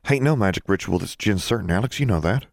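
A man's voice: low voice, expressive, fast, vocal fry, no room sound, studio quality. A man voicing an earnest, nervous schoolgirl who talks in a rustic, old-fashioned dialect.

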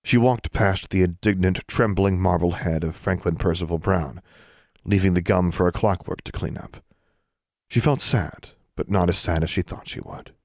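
A man narrating a fantasy novel audiobook in a calm, even reading. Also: deep voice, normal speed, gravelly, no echo, studio quality. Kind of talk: scripted narration.

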